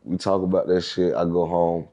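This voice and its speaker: A man's voice: deep voice, little pitch movement, normal speed, dark tone, dull audio. A man, a guest telling stories in a casual interview, profane and laid-back, acting out the dialogue as he goes. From Atlanta, Georgia, USA. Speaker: guest, rapper and reality TV personality.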